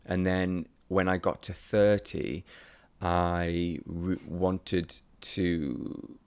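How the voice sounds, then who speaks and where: A man's voice: deep voice, flat delivery, drawn-out words, a little mellow, clean tone. A man in his thirties, an actor chatting as a podcast guest, talking loosely with restarts and easy laughs. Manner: chatty, self-interrupting, laughs easily. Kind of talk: casual interview chat.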